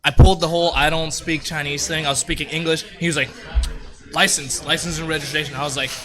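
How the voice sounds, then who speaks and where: A man's voice: fairly high pitch, level tone, fast talker. A man, a guest in a casual chat, telling stories animatedly and laughing along. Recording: faint music behind.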